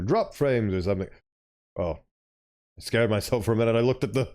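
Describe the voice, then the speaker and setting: A man's voice: on the low side, a little mellow. A man streaming a game, reading the story aloud and chatting playfully between lines. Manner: playful, chatty, self-interrupting. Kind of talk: let's play with reading aloud.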